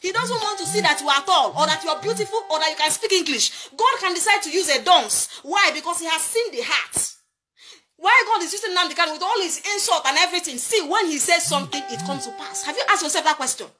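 High-pitched Nigerian woman preaching commentary. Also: lively intonation, quick pace, over music. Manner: preachy, emphatic, rhetorical questions. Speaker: political commentator. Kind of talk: impassioned commentary monologue.

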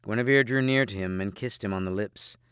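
A man reading a storybook of old legends aloud as an audiobook, measured and quiet. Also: lowish voice, clear, resonant tone, dry recording, clean studio sound. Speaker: audiobook reader.

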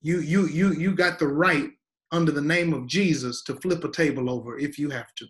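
Guest pastor, man, fairly high voice, preacher's emphatic cadence. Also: normal speed, fairly bright tone. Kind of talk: preaching-style teaching conversation.

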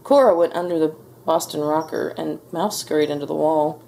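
A woman reading a children's storybook aloud at a slow, expressive pace. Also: deep voice, creaky, a little hiss or hum. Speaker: storybook reader.

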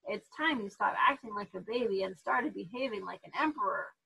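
A woman's voice: mid-range voice, animated, fairly quick, gravelly, sharp tone, husky, full character voice, low-quality recording. A woman voicing a young boy who talks frankly and impatiently. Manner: frank, scolding. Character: blunt, impatient foreign boy.

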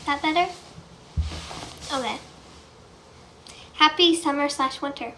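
A woman singer chatting casually between songs on a live stream, quick to apologize and laugh at herself. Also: high-pitched, a bit bright, a little hiss or hum. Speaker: singer-songwriter. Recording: echoey room.

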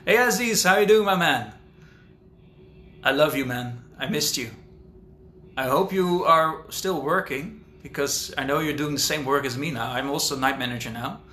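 Bright-voiced man chatting on a livestream. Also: mid-range voice, a little hiss or hum. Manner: rambling, talkative, thinks out loud. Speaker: author hosting a live Q&A. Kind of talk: casual livestream chat. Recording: roomy echo with faint ambience.

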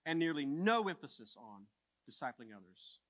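Male pastor preaching, high bright voice, hushed then emphatic, repeats phrases. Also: big pitch swings, normal speed. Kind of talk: sermon.

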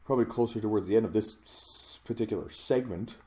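A man's voice: on the low side, fast, dark tone. A man narrating his own horror gameplay, jumpy and swearing when startled. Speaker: let's play host.

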